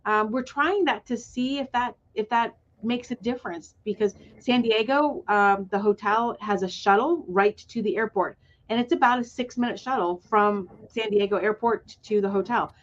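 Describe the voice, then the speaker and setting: A woman speaking with enthusiasm as a guest on a webinar. She rambles a little and fills gaps with ums. Her voice sits at a middling pitch and comes through a dull, lo-fi call line. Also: normal speed. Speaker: guest, retreat organizer. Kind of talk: webinar conversation.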